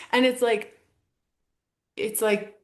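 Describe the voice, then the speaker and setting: A woman's voice: a little high, steady tone, very slow, a little mellow. Enthusiastic affirming woman host. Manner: enthusiastic, affirming, laughs often. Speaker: podcast host. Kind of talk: casual podcast conversation.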